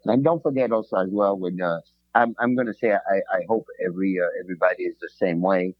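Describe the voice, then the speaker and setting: Low-voiced chef telling stories. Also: male voice, fast talker, no room sound, highs cut off. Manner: rambling, repeats words, animated retelling. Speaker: chef and podcast guest. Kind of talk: casual storytelling chat.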